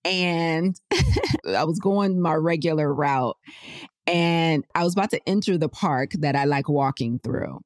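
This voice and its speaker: A woman hosting a podcast, chatting casually about health and telling animated personal stories straight to her listeners. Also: deep voice, measured pace, no echo, clean studio sound. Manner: chatty, animated storyteller who laughs often; addresses listeners directly in slangy speech. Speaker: podcast host.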